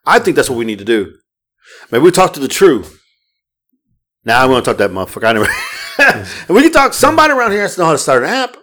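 A man's voice: a little high, huge pitch swings, quick pace, long pauses, a bit bright. Profane ranting male podcast co-host. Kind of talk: casual podcast chat.

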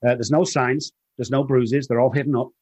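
Earnest, halting middle-aged man. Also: medium pitch, steady tone, darkish tone, breathy edge. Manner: earnest, halting, repeats words. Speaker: guest in recovery. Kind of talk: emotional storytelling interview.

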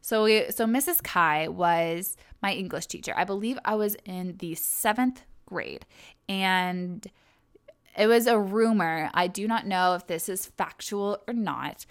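A young woman who hosts her own podcast, from Kentucky, USA, delivers a casual solo monologue in a chatty, wandering style thick with fillers and self-corrections. Her voice is medium-pitched, and the audio is studio quality without echo.

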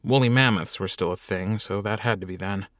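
Casting: low-voiced male narrator, wry comic audiobook read, dry close mic. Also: fairly quick, a bit bright, no echo.

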